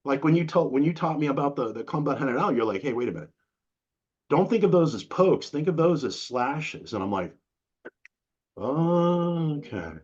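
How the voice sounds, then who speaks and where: On a lo-fi, muffled recording, a middle-aged interview guest from New England chats casually at a normal speed. His husky, somewhat breathy voice runs on the high side as he acts out quotes in lively, slang-filled stories.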